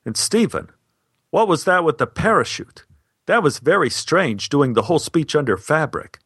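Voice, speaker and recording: Friendly, brisk older filmmaker, cheerful and quick; a male narrator's impression. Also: fairly high pitch, sing-song, a bit bright, husky, dry recording, studio quality, pitched above the performer's own voice, full character voice. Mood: curious.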